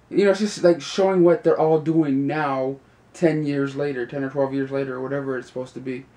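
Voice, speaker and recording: A man's voice: fairly high pitch, dark tone. Rambling young man reviewing a movie. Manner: rambling, heavy on fillers like "you know" and "like"; laughs often while talking. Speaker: video reviewer. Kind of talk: casual spoken review.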